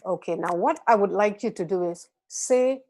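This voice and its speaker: A woman from Malaysia guiding a group through a gentle voice and breathing exercise, patient and encouraging. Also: medium pitch, moderate pace. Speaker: voice and meditation instructor. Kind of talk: guided voice exercise class.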